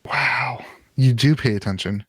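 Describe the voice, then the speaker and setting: A man's voice: mid-range voice, measured pace, fairly bright tone, breathy edge, no echo. A man from Ohio co-hosting a casual card game podcast, rambling with lots of fillers and jokes. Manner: rambling, filler-heavy, jokey. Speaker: podcast co-host. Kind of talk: casual chat about trading card games.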